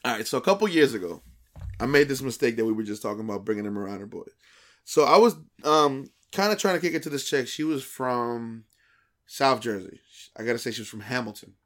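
Male podcast co-host at mid pitch, casual and animated, voices each character in his stories with plenty of slang. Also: a little fast. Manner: animated, acts out quoted dialogue; profane, slangy street talk.

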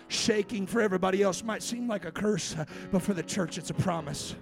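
A male pastor preaching a sermon, emphatic, with frequent "uh" between phrases, rising to shouts at climaxes. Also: high-pitched, brisk, vocal fry, few pauses, faint music behind.

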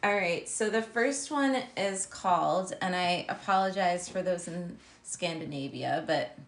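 A woman's voice: lowish voice, measured pace, echoey room. A woman co-hosting a casual podcast, reading out folklore entries with frequent ums and laughter. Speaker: podcast co-host. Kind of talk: casual chat.

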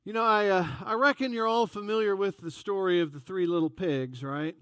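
A man's voice: sits high, a little fast, fairly bright tone, no room sound, studio quality. A man preaching a sermon in a folksy, conversational storytelling way. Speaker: pastor.

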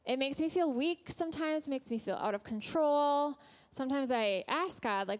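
A woman's voice: sits high, lively intonation, normal speed. A woman giving a personal sermon to a church congregation, candid and a little self-conscious, with light laughs and fillers. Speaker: guest speaker at church. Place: church hall before a congregation.

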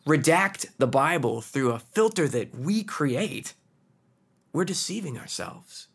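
A man's voice: on the high side, fairly bright tone, husky. Earnest man preaching a sermon. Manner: earnest, emphatic, rhetorical questions.

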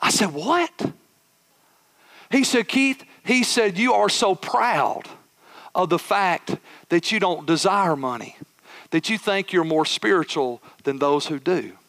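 A man preaching a sermon as a pastor, telling a personal story with animated, acted-out dialogue. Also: high voice, a little slow.

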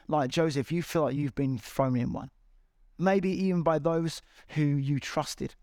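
Earnest male preacher, fairly high voice. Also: a little mellow, dry recording, studio quality. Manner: earnest, encouraging, with repeated appeals. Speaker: pastor. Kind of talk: sermon. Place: large church hall.

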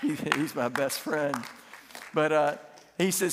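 A man preaching a sermon, animated and laughing as he tells stories and asks the congregation questions. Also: a little high, moderate pace, crowd noise, background noise. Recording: long hall reverb.

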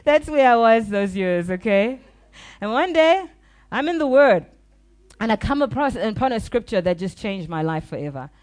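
A woman pastor preaching a sermon, telling a confessional story in an animated, laughing way. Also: fairly high pitch, normal speed.

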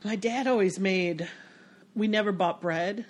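A woman's voice: mid-range voice, unhurried. An American woman in casual conversation, telling stories with lots of restarts and fillers. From United States. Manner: chatty, storytelling with many restarts. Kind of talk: casual chat.

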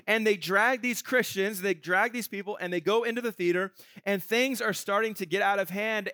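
A man preaching a sermon from Canada, animated, laughing often and acting out crowd voices with many restarts. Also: sits high, no room sound. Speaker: pastor.

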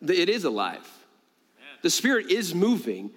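A man preaches to his congregation in a high, lively voice. He jumps up in pitch to drive his points home and laughs between stories. His words ring out with the long reverb of a large church sanctuary. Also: moderate pace. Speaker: pastor. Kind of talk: sermon.

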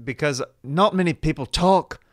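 A man's voice: on the high side, moderate pace, fairly bright tone, no echo, clean studio sound. A man hosting a podcast, telling loose comic stories in casual chat. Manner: chatty, loose comic storytelling. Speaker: podcast host.

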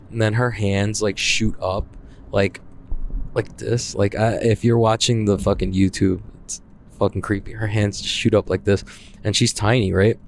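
A man's voice: lowish voice, fairly even intonation, moderate pace, a little hiss or hum. Rambling young man telling a story. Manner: rambling, heavy filler "like", swears often. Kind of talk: casual spoken storytelling.

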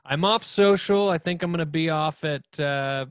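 Relaxed comedian guy on a video call, smooth voice, dry sound. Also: a little high, moderate pace, dry recording. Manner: laid-back, rambling, self-deprecating. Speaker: comedian guest. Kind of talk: casual interview chat.

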